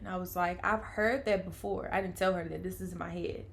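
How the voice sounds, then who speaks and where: Young woman telling a story, voice swinging loud to hushed. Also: fairly low pitch, moderate pace, hardly any pauses. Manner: animated, acts out quoted lines, swings from loud to hushed. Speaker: vlogger telling her birth story. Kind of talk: casual storytelling.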